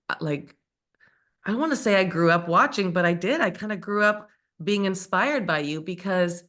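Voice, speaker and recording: A woman's voice: on the low side, fairly bright tone, dry recording. A woman hosting a podcast, talking in an effusive, gushing and emotional way. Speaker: podcast host. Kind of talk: podcast intro and interview.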